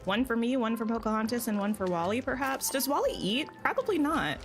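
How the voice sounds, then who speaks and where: A woman's voice: a little high, expressive, fast talker, soft background music. A woman streaming a video game, chatting casually and thinking aloud as she plays. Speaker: gaming streamer. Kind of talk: casual gameplay chat.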